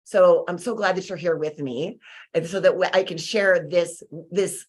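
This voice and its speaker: A woman hosting a webinar, telling a personal story in a conversational, animated way, with fillers and restarts, acting out her own frustration. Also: lowish voice, normal speed. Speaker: webinar host. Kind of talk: motivational storytelling talk.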